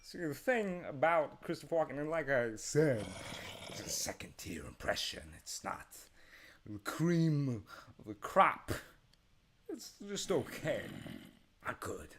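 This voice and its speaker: A man's voice: sing-song, slow, long pauses, fairly bright tone, a little hiss or hum, exaggerated voice. A man doing an intense, oddly cadenced actor impression. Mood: wry. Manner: stresses every word, swoops between low gravel and sudden highs. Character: impression of a famous male actor, odd emphatic cadence.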